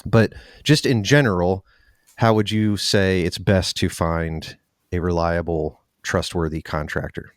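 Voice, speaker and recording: A man's voice: deep voice, fairly even intonation, measured pace, dry recording, studio quality. A man hosting an interview show, asking questions and telling a chatty story in a casual way. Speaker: podcast host.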